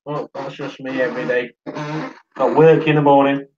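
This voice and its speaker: A man's voice: medium pitch, steady tone, moderate pace, muffled recording, crowd noise. A man from Sheffield with a Yorkshire accent, hosting a casual livestream, chatting and reading out viewer comments, tired. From Sheffield, England. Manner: chatty, reads out viewer comments, laughs often. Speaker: livestream host.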